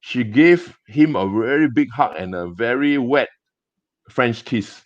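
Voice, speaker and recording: A man with a Singaporean English accent, a gem business owner telling stories in a casual interview, chatty and halting with many restarts. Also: medium pitch, lively intonation, dry recording. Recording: dull dry lo-fi sound.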